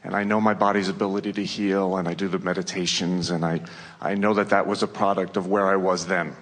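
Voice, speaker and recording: A man's voice: low-pitched, flat delivery, fairly quick, a bit bright. A man in a seminar audience asking an earnest, hesitant personal question. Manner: earnest, hesitant, searching for words. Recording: long hall reverb.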